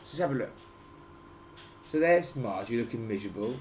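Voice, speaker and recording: A dad reads a picture book aloud to his kids, chatty and playful, stopping to explain words. His voice sits at a middling pitch. Faint background hiss runs under the home recording. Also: expressive, a little fast, darkish tone. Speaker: father reading to his children.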